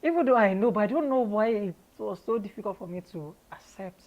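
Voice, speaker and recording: A Nigerian woman, an interview guest, telling her own story in a candid, lively way and laughing often. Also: mid-range voice, a little fast, lo-fi sound.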